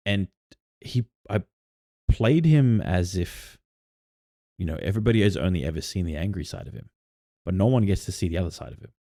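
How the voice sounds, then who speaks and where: Deep-voiced man telling campaign stories. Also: expressive, a little fast, creaky, pauses often, mellow, dry recording, clean studio sound. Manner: rambling storyteller with many "like" fillers and restarts. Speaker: podcast co-host and game master. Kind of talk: casual chat about tabletop campaigns.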